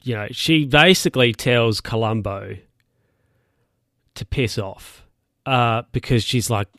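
A man's voice: medium pitch, slow pace, long pauses, a bit bright, no echo, studio quality. A young man casually recapping a TV episode, rambling with lots of fillers and asides. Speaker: show recapper.

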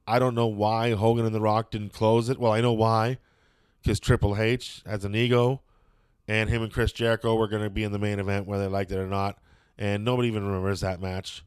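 A man's voice: lowish voice, flat delivery, brisk, clear, resonant tone, no room sound, clean studio sound. A man chatting casually and opinionatedly as a show host, rambling with lots of fillers and some swearing.

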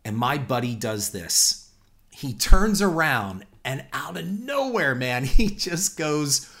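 Animated man telling a personal story. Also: fairly high pitch, slow pace. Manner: animated, conversational, addresses listeners as folks. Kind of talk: storytelling anecdote.

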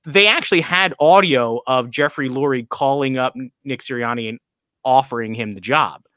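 Bright-voiced rambling sports-talk man. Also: mid-range voice, normal speed, no room sound, clean studio sound. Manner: rambling, self-interrupting, laughs while telling stories. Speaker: podcast co-host.

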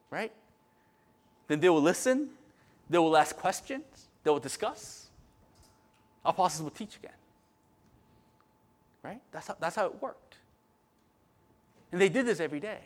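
A middle-aged male pastor giving a sermon in a conversational way, tagging lines with "right?" and swinging from quiet asides to loud, emphatic bursts. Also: sits high.

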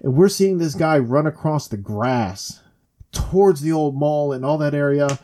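A young man chatting casually, telling a story with lively acted-out quotes. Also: a little high, a little slow. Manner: animated storyteller acting out quotes. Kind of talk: casual chat.

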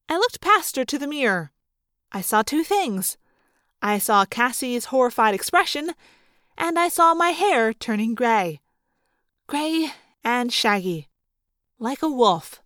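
A woman narrating a first-person audiobook in an expressive, lively way. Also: on the high side, measured pace, dry recording, studio quality. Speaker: audiobook reader.

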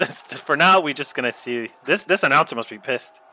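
A man making jokes on a casual watch-along podcast, his pitch rising and falling a lot. The tone is bright and clear. He laughs at his own wisecracks. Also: lively intonation, moderate pace. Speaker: podcast co-host.

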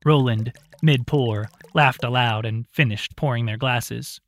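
Calm male audiobook narrator. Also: mid-range voice, unhurried, few pauses, no room sound, clean studio sound.

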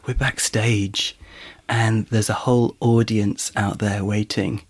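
A man's voice: lowish voice, huge pitch swings. A man co-hosting a podcast, chatty and giggly, telling a long joke. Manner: chatty, giggly, drawn-out storytelling. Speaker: podcast co-host. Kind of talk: playful comedy banter and joke telling. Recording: echoey room with faint noise.

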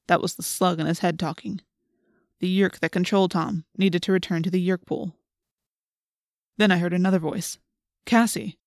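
A woman with a lowish voice narrates a novel in the first person, measured and earnest. Her reading is close to the mic and very dry, with no echo at all. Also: darkish tone. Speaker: audiobook narrator.

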